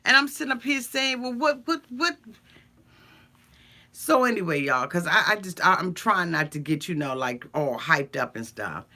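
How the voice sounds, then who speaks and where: Woman, sassy comedic recap, blunt and profane, bright tone. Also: deep voice, lively intonation, moderate pace, hardly any pauses. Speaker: show recap commentator. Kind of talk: comedic reality show recap.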